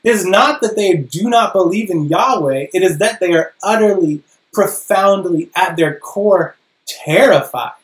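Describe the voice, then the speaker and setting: Pastor preaching in a church, dramatic and emphatic, middle pitch, lots of room echo. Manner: dramatic, emphatic preaching with slow stressed phrases. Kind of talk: sermon.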